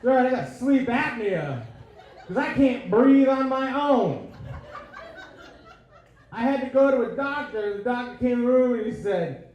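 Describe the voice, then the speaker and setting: A man with a high, mellow voice works a crude, self-deprecating stand-up set on a club stage. His handheld mic rings in a very echoey room, with faint audience sound behind him. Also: expressive, unhurried, long pauses. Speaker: stand-up comedian. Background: audience laughter.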